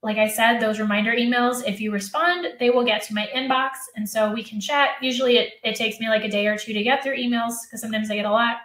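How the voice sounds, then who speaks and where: A woman's voice: a little high, steady tone, quick pace, few pauses, fairly bright tone, roomy sound. A woman hosting a live teacher workshop, answering chat questions by name in a chatty, self-correcting way, and she is losing her voice.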